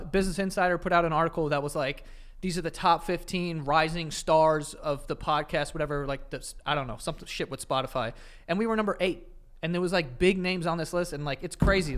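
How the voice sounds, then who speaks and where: Higher-voiced man cohosting a podcast. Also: a little fast, fairly bright tone. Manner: profane, joking, laughs often. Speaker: podcast co-host. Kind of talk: casual chat.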